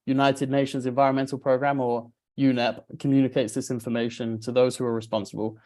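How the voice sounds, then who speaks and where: A man's voice: mid-range voice, little pitch movement, mellow. Man with a muffled, sore-throat voice. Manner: measured and polite, with occasional filler hesitations. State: slightly muffled voice from tonsillitis. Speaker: event moderator. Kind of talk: formal webinar introduction.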